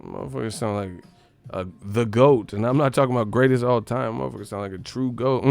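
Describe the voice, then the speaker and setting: A man from the Bay Area hosting a sports live stream, ranting in a profane, animated, comedic way and laughing often. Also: medium pitch, fairly quick, vocal fry, dry recording, soft background music. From San Francisco Bay Area.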